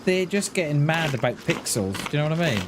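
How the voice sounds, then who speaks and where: A man's voice: on the high side, very animated, fairly quick, background noise. A man chatting casually on a live game stream, rambling and restarting his words as he talks to his chat. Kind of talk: casual chat while gaming.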